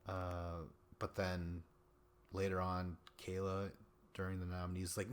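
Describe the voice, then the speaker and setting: Male podcast host, young adult, low-ish voice, casual rambling delivery, swears a lot. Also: moderate pace. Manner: rambling, profane, chatty with many fillers. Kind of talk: casual solo recap chat.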